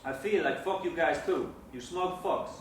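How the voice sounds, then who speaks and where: A man's voice: fairly high pitch, normal speed, a little hiss or hum, close to an everyday voice. A man playing a menacing New gangster. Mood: hostile. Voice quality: crude and intimidating. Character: menacing, foul-mouthed neighborhood gangster man. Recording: echoey room, mic at a distance.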